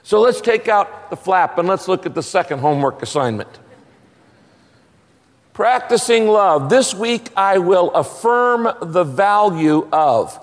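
A man preaching a sermon as pastor, emphatic and animated. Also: sits high, measured pace, long reverb tail.

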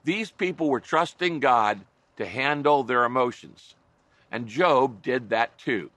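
A man's voice: medium pitch, a little slow, fairly bright tone, no echo. A middle-aged man preaching a sermon as a pastor, earnest and conversational, with wry asides to his listeners.

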